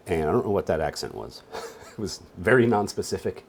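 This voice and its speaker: A deep, slightly husky man talks through a casual tutorial, sounding sleepy. His delivery wanders up and down a lot, with wry little jokes tossed in between explanations. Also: sing-song, fairly quick. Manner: rambling, with wry joking asides. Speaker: database instructor. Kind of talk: casual screen-share tutorial.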